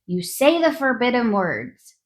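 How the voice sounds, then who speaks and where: Woman, nurse podcast host, sarcastic comedic monologue, animated pitch, unhurried pace. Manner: sarcastic, exasperated.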